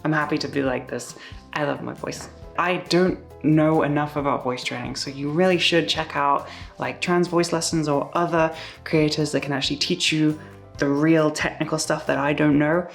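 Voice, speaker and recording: A woman's voice: deep voice, steady tone, normal speed, creaky, faint music behind. A young woman vlogging at home in a casual, chatty way, full of fillers and little asides. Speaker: YouTuber. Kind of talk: casual vlog talk.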